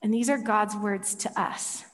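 A woman's voice: mid-range voice, little pitch movement, a little slow. A woman preaching a sermon, telling a story playfully with laughs and rhetorical questions, in a church hall. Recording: long reverb of a large hall.

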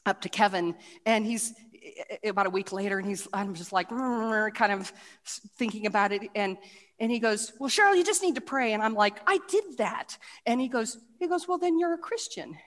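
A middle-aged woman tells her testimony at medium pitch, stumbling over restarts and fillers as she goes. She acts out the quoted voices animatedly. Her voice rings with the long reverb of a hall. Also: moderate pace. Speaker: speaker giving a testimony. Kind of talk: personal testimony talk with slides.

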